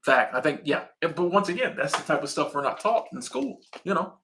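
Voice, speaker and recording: Laid-back man with a bright, slangy voice. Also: fairly high pitch, big pitch swings, a little fast, a little hiss or hum. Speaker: channel host reading viewer comments. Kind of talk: casual live-stream chat.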